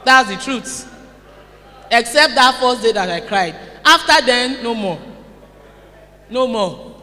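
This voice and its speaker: A Nigerian woman giving a lively motivational conference talk, calling out to her audience. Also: fairly high pitch, takes it slowly. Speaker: seminar speaker. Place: conference hall. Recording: echoey hall.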